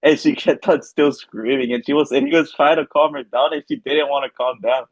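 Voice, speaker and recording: A man's voice: medium pitch, fairly even intonation, fairly quick, husky, no room sound. A young man, a podcast co-host, telling a rambling, filler-heavy story in casual chat. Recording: dull lo-fi sound.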